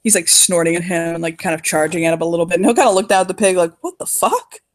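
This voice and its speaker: A woman's voice: on the low side, steady tone, rapid-fire, slight background noise. A young woman narrating a tabletop role-play as game master, talking casually with lots of fillers and laughter.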